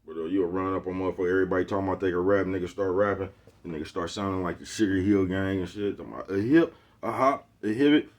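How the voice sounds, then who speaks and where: A man's voice: deep voice, fairly even intonation, racing, darkish tone. A man from Oakland, talking casually to his phone camera, rambling in slang and asking "you know what I'm talking about" again and again. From Oakland, California. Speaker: vlogger. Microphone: phone with Bluetooth earpiece.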